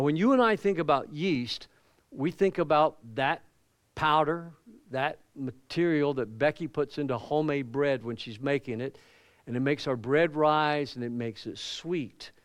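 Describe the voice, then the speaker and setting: Speaking at a measured pace in a slightly high voice, a man delivers a sermon as pastor in church, and the sound has no echo. He tells stories with animation and plays out each quoted person himself.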